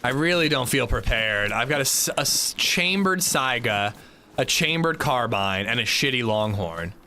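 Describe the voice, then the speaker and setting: A man's voice: medium pitch, lively intonation, moderate pace, pushed and bright, a little hiss or hum. A man livestreaming a game, chatting casually in a rambling way, swearing freely and saying "like" a lot. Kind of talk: casual gameplay commentary.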